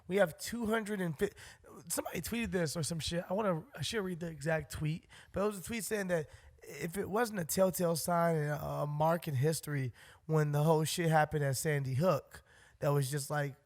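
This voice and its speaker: A man co-hosts a casual podcast chat in a slightly high voice. He talks bluntly and heatedly and swears freely. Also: brisk. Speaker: podcast co-host.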